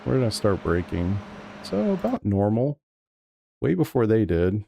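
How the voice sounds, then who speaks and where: A man's voice: lowish voice, very animated, a little slow, vocal fry, warm tone, a little hiss or hum. A man streaming sim racing live, talking over race replays and arguing back at his chat with plenty of swearing. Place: home sim racing room.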